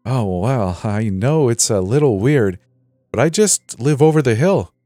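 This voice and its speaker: A man's voice: medium pitch, animated, a little slow, mellow, no room sound, studio quality, voice pushed up, natural voice. A man voicing a huge, scarred middle-aged male killer who chats jolly and then hisses in a whisper, in a spoken horror story. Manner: jolly cheer turning to hissing whisper.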